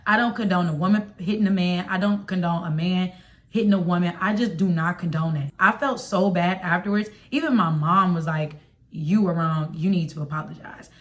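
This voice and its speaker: A young woman from Chicago with a Chicago accent, telling a personal story to her viewers in a confiding, slangy, animated way. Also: fairly low pitch, brisk. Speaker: vlogger. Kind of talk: storytime vlog.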